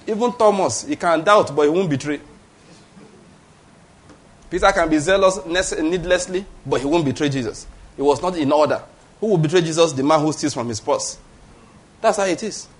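A man's voice: on the high side, moderate pace, long pauses. A Nigerian man in his fifties preaching a sermon, emphatic, repeating key phrases and checking in with the congregation. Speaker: pastor.

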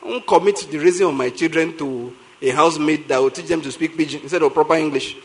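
A male pastor with a Nigerian accent preaches a lively sermon in a strikingly high voice, talking fast. He tells stories with great energy, repeats lines to drive his points home, and laughs often.

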